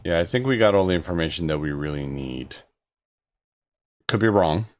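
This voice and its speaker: Over faint game music, a very deep-voiced man hosting a gaming channel narrates his play at normal speed. His casual commentary is relaxed and mumbled, peppered with jokes.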